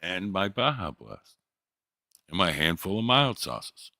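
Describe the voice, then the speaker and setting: A low-pitched man rambles through a casual livestream, swearing freely and telling jokey stories. His tone is forceful and bright, recorded dry and close with no room sound. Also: sing-song, a little slow, gravelly, no echo. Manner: profane, joking storyteller with voice impressions. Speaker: livestream host. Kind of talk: casual rambling stream chat.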